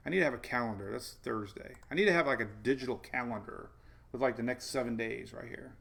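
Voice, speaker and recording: A man's voice: mid-range voice, fast talker, gravelly, a bit bright, breathy edge. A man hosting a casual weather livestream, rambling through forecast maps, chuckling and answering viewers' chat. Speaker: weather show host.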